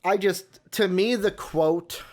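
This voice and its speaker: A man hosts a casual sports talk show. His voice sits a bit high, and he rambles before working himself up into heated bursts. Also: slow. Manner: heated, rambling, animated when worked up.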